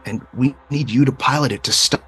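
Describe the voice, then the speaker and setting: A man's voice: medium pitch, a little fast, bright, forceful tone, breathy edge, voice pushed up. A man voicing a scheming leader who patronizingly coaxes a child into a grim plan. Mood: coaxing. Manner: oily, patronizing, persuasive. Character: scheming manipulative leader, smooth and condescending.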